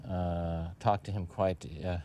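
Slow, deep-voiced man recalling quietly. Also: flat delivery, a little hiss or hum. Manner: halting, searching for words. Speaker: interviewee. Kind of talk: reflective interview recollection.

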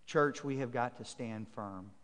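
A man's voice: medium pitch, a little slow, a bit bright. A man preaching a sermon as pastor to his congregation, building emphatic repeated phrases and reading scripture aloud. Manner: emphatic, repetitive preaching cadence. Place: church sanctuary. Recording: long church reverb.

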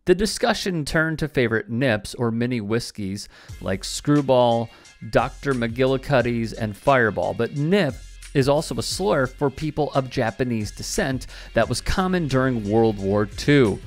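A man's voice: medium pitch, expressive, unhurried. A man hosting a sports news commentary, delivering a scripted segment with a wry, pointed tone. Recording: faint music bed behind.

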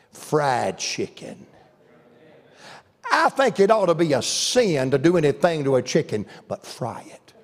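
An older man with a Southern American accent, preaching a folksy, humorous revival sermon in a church. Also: fairly high pitch. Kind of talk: storytelling sermon. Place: church sanctuary. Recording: long church reverb.

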